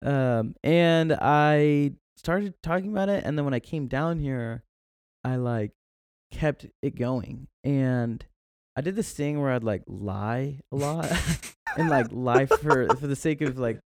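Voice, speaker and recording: A young man tells stories as a guest in a casual chat, animated and quick to laugh. His voice sits at an ordinary male pitch. The sound is dry and close, with no room around it. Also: no room sound. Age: young adult. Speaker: podcast guest.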